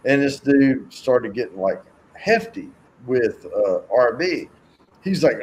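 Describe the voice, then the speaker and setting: A man's voice: mid-range voice, lively intonation, a little slow, a little hiss or hum, rough recording. A man telling rambling, profane stories in a casual chat and acting out the voices in them. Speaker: co-host.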